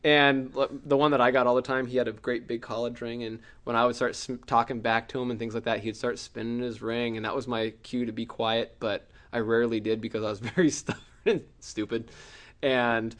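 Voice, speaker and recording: A middle-aged man preaching a sermon, telling a personal story with acted-out cries and shouts. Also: mid-range voice, level tone, brisk.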